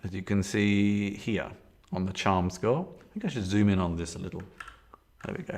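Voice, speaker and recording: Guy with a lowish voice rambling through a solo game stream, lots of ums and restarts. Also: creaky, a bit bright. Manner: rambling, with frequent fillers and restarts. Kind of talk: casual live-stream chat, thinking aloud. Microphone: desktop setup with camera.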